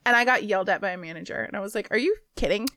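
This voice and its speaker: A woman's voice: mid-range voice, rapid-fire, no room sound, clean studio sound. A woman co-hosting a podcast, telling a work story in casual chat and acting out the people in it. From Washington State. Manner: animated storyteller, acts out customers in a raised voice. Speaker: podcast co-host.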